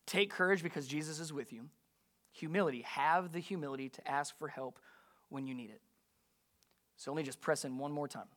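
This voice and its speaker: Male pastor, high-pitched voice, emphatic sermon delivery, asks the congregation questions. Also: fairly bright tone.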